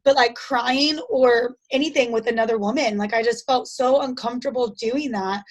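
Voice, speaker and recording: High-voiced chatty young woman. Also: fairly even intonation, moderate pace. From United States. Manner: chatty storytelling, frequent "like" fillers. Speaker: interview guest. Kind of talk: casual conversation.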